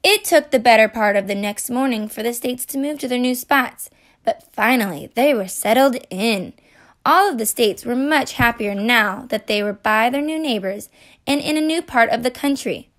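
A woman reading a children's picture book aloud in a gentle, expressive storytelling manner. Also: fairly high pitch, moderate pace.

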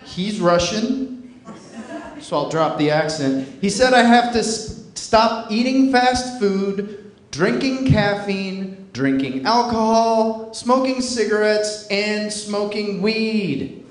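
A man doing a stand-up comedy set on a club stage, with a deadpan, dry delivery. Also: high voice, slow pace. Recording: echoey club with loud crowd laughter.

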